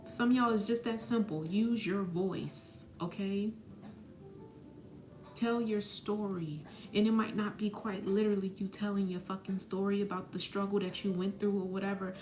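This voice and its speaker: A woman's voice: medium pitch, darkish tone. A woman spiritual mentor giving a blunt, profane, preachy motivational talk. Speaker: spiritual mentor and psychic medium. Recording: echoey room, faint music behind.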